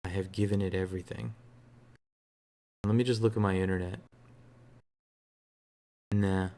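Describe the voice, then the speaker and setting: A man streaming games, chatting casually in a relaxed, rambling way with a soothing voice and lots of fillers. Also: deep voice, normal speed. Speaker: game streamer. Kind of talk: casual live-stream chat.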